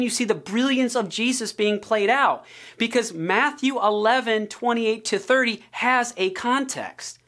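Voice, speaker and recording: A woman teaching the Bible on a podcast, earnest and steady, slowing down to stress key points. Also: medium pitch.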